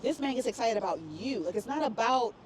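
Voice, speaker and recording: A woman guest in a casual chat, talking fast and effusively. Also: on the high side. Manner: fast, effusive, acts out quotes. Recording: rooftop with crowd noise behind.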